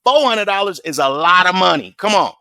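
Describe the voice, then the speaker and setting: A man's voice: high-pitched, lively intonation, fairly quick, vocal fry, pushed and bright, clean tone, no room sound. A man hosting a reaction channel, giving sarcastic, mocking casual commentary.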